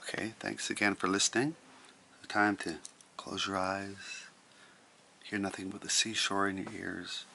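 A man's voice: low-pitched, little pitch movement, unhurried, gravelly, long pauses, background noise. A man reading a rhyming bedtime story aloud to listeners, in a soothing, rhythmic manner.

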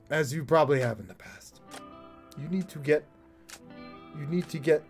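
A man's voice: fairly high pitch, normal speed, pauses often, darkish tone, breathy edge, soft background music. A young man streaming a game, chatting crudely and jokily with his viewers. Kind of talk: casual live-stream chat while playing.

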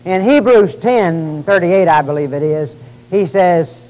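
A man preaching a sermon in a folksy, dramatic way, calling his listeners folks and swinging from exclamations to quiet lines. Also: slow pace, low-quality recording. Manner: dramatic preaching, rising to exclamations and dropping low. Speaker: pastor.

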